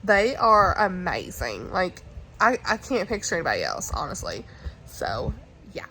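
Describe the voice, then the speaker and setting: A woman's voice: on the low side, wildly swooping pitch, a little slow, bright, forceful tone, a little hiss or hum, rough recording. A woman chatting casually as a book vlogger, giggly and talkative. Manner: chatty, giggly, often says y'all. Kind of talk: casual chat.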